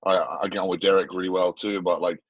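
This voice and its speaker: A man's voice: low-pitched, little pitch movement, fast talker, dry recording, muffled recording. A man hosting a podcast, chatting casually in an easygoing, agreeable way. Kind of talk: casual chat.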